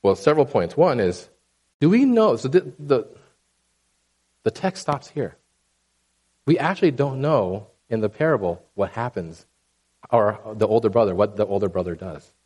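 A man preaching a sermon in a conversational, animated way, often checking in with the congregation. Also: lowish voice, moderate pace, long pauses, husky. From Asian background.

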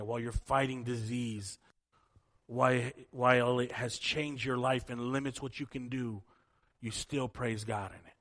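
A middle-aged male pastor delivers a sermon, telling a personal story with lively, animated energy. His voice sits at an ordinary male pitch and swells to emphatic peaks as he moves into prayer.

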